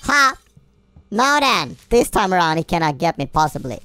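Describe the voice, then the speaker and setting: A woman playing a video game and commenting, excitable and self-mocking, often yelling at the game. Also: lowish voice, normal speed, clean tone, faint music behind. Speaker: gameplay commentator.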